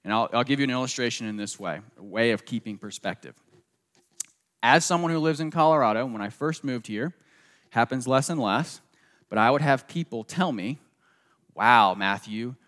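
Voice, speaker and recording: A pastor from the southeastern United States preaches a sermon in a large hall, his mid-range voice fairly quick and fairly bright. He has a slight Southern accent and speaks earnestly, repeating phrases for emphasis and tagging points with "okay?".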